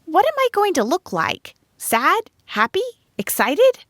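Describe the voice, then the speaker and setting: A woman voicing an excitable young schoolteacher, asking eager exclamatory questions. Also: very high-pitched, a little slow, dry recording, studio quality, pitched above the performer's own voice, exaggerated voice.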